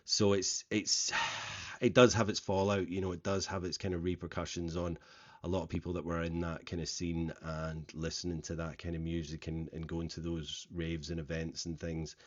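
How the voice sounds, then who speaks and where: A man's voice: low voice, level tone, moderate pace. A middle-aged man hosting a podcast, opening it with a casual, rambling solo talk full of fillers and restarts. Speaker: podcast host. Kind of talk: casual solo intro monologue. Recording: slightly dull lo-fi sound.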